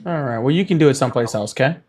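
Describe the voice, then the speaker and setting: A man's voice: medium pitch, very fast, darkish tone. A man hosting a live political call-in stream, blunt and dismissive with callers and thinking aloud between calls. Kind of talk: casual live call-in chat.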